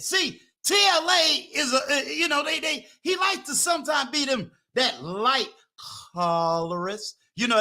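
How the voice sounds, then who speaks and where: Shouting high-voiced male show host. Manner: loud, shouting hype announcer style. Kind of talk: hyped show intro then casual interview.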